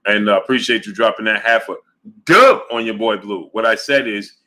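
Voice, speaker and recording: A man's voice: lowish voice, moderate pace, sharp tone. A man hosting a boxing livestream, arguing his points emphatically and repeating them while reading out viewer chat messages. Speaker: boxing show host.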